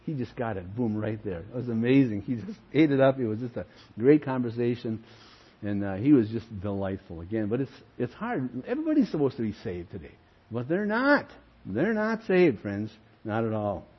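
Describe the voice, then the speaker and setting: A man's voice: mid-range voice, big pitch swings, normal speed, slightly rough, dull audio. An older man, a pastor, preaching a sermon with earnest emphasis and calling his listeners friends.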